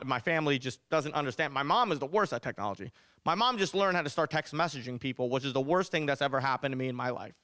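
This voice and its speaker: A man in his thirties doing an animated stand-up set as host of a charity show. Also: medium pitch, smooth, dry recording, clean studio sound. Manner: animated, exaggerated storytelling. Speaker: comedian and event host.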